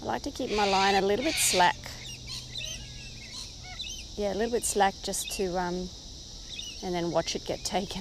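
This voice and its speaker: A woman's voice: mid-range voice, noisy background. Easygoing Australian woman fishing outdoors. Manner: chatty, talks to the fish, gets very excited. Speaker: fishing vlogger. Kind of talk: casual running commentary while fishing. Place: outdoors by the water in the rain.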